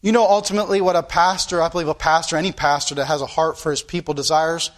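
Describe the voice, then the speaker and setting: A man's voice: fairly high pitch, fairly even intonation, fast talker. A man preaching a sermon to his church as pastor, earnest, with sound-effect asides.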